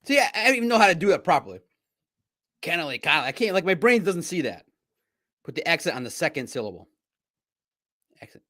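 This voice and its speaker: A man's voice: high voice, sing-song, fast talker, long pauses, pushed and bright. A man hosting a casual sports livestream, rambling and self-deprecating, often laughing at himself. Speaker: sports podcast host and reporter.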